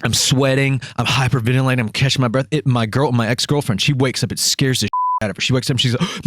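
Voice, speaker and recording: A man hosting a podcast, telling a story in a casual, animated way, acting out voices and swearing freely. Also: medium pitch, fast talker, hardly any pauses, slight background noise. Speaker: podcast host.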